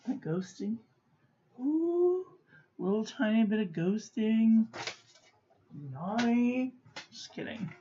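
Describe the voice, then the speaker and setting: A woman's voice: medium pitch, a little hiss or hum. A woman reviewing ink on paper in a casual chat, listing short verdicts with chatty asides. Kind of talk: casual hands-on review narration. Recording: slightly muffled lo-fi recording.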